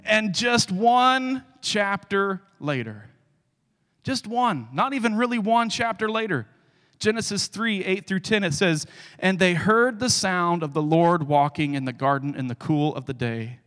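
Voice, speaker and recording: A male guest speaker preaching a sermon, telling the story with animated energy and dropping to hushed tones for scripture. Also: high voice, unhurried, long reverb tail.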